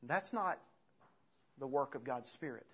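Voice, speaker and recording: A man preaching a sermon as pastor, earnest and halting, often restarting his phrases. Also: medium pitch, expressive, fairly bright tone, slightly rough. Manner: earnest, halting with restarts, retells scripture with acted quotes. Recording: dull lo-fi sound.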